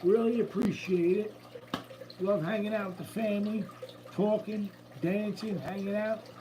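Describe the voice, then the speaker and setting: A man's voice: high-pitched, steady tone, measured pace, background noise. A man hosting a casual live stream, chatty and upbeat as he greets viewers by name. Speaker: livestream host. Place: room at home with a running water tank. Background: faint running water from a tank.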